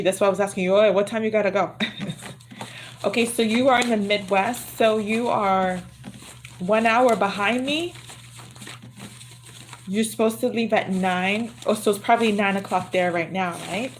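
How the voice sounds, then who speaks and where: A woman doing a livestream tarot reading, talking in a loose, chatty way and often repeating herself under her breath. Cards shuffle clearly in the background. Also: medium pitch, slight background noise. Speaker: tarot reader. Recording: card shuffling clearly audible.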